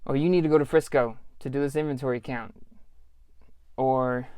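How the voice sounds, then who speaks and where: A man in his thirties vents on his own podcast, cursing freely and talking in loose, slangy sentences. His voice is smooth and clear, and the recording is dry and close. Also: mid-range voice, steady tone, moderate pace, pauses often, darkish tone, dry recording. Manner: profane, frustrated ranting; casual, slangy storytelling. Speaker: podcast host. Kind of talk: solo podcast monologue.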